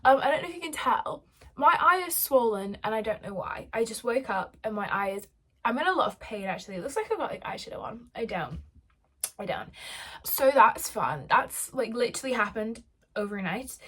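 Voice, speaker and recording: Chatty young woman, dramatic. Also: a little high. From United Kingdom. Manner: dramatic, chatty, self-mocking. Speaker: book vlogger. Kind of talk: casual chat.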